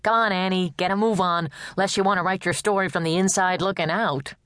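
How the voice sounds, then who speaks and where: A woman voicing a spindly male desk cop who talks briskly and gruffly. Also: sits high, fairly even intonation, fairly bright tone, no echo, studio quality, voice pushed up.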